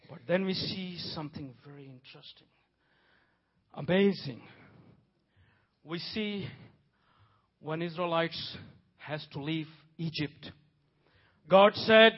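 A man preaching a sermon with passion, swinging from soft, quiet passages to loud, pleading cries. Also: sits high, slow, long pauses. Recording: dull lo-fi audio.

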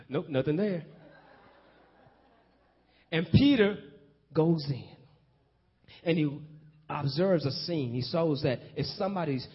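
A man preaching a sermon, swinging from hushed low passages to loud excited calls. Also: breathy edge. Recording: dull lo-fi recording.

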